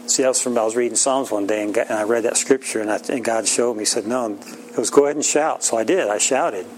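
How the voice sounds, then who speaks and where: A man's voice: medium pitch, brisk, a little hiss or hum, low-quality recording. A middle-aged man preaching an informal sermon in a folksy, plain-spoken way, often laughing.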